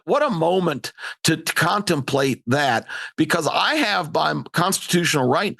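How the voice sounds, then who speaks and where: A man's voice: fairly high pitch, gravelly, fairly bright tone, dry recording, clean studio sound. A man hosting talk radio, delivering an emphatic, indignant opinion monologue.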